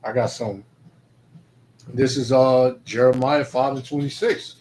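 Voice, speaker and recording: A man in casual chat, reading Bible verses slowly and commenting in loose street talk. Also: mid-range voice, steady tone, a little mellow, a little hiss or hum. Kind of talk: casual chat about scripture and life.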